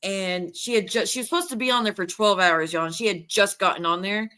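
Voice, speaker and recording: A woman hosting a stream, retelling gossip in a rambling, animated way with many restarts. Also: medium pitch, a little fast. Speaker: livestream host. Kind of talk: casual gossip chat.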